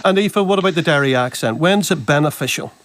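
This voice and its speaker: A man's voice: on the high side, animated, quick pace, a bit bright. A man hosting a radio talk show, teasing and bantering with guests. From Northern Ireland. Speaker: radio host.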